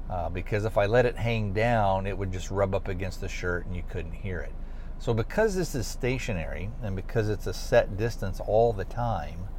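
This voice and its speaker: A man with a fairly low voice talks through a casual solo podcast in a chatty, rambling way, stopping to correct himself mid-thought. He records while driving, on a lavalier clipped to his seat belt inside a truck. Steady road noise sits clearly under his voice. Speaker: podcast host.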